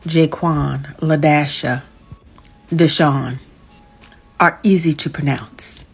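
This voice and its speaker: A woman's voice: low voice, slow pace, gravelly, long pauses, darkish tone, husky, soft background music. A woman delivering a pointed, scolding rant in a reaction video.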